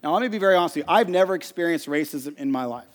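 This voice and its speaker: A middle-aged pastor preaches from the stage, his voice sitting high for a man. He tells an animated, self-deprecating story. The sound trails off in the long reverb of a large hall. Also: racing. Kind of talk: storytelling sermon. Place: church stage.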